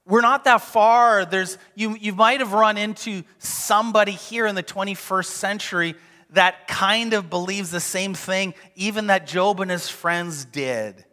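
Bright-voiced pastor preaching in a hall. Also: male voice, high voice, normal speed. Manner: animated, conversational, acts out quotes. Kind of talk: sermon.

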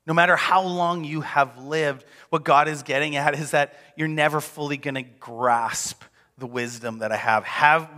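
A male pastor preaching a sermon in an animated, conversational way. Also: a little high, a little slow, in a large hall. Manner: animated, conversational, acts out quotes.

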